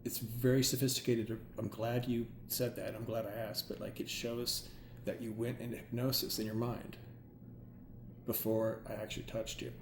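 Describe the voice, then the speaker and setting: Rambling excitable male hypnotherapist, roomy sound. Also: mid-range voice, moderate pace, creaky. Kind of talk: casual chat. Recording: roomy with faint ambient noise.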